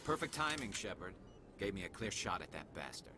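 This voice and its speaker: A man playing a gruff alien soldier in a game, speaking low and clipped. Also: sing-song, a little fast, sharp tone, soft background music, exaggerated voice. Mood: dry. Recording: game audio under noise.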